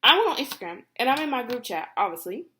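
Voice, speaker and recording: A young woman with a voice pitched a little high talks straight to camera in a loose, filler-heavy rant. She sounds worked up and exasperated, swearing freely. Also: sing-song, fast, bright, forceful tone, slight background noise. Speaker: vlogger.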